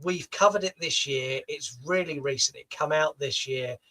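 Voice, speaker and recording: A man's voice: fairly high pitch, bright, forceful tone, low-quality recording. A man co-hosting a podcast in casual chat, running a quiz with crude, teasing banter. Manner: teasing, crude, quick-witted. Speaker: podcast co-host and quiz setter. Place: podcast studio.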